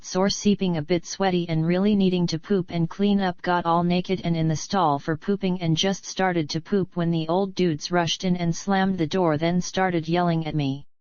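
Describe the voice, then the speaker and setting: A woman's voice: lowish voice, darkish tone, clear, resonant tone, dry recording, lo-fi sound. A woman reading her own audiobook in first person, in a rambling, slangy and profane way. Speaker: audiobook narrator.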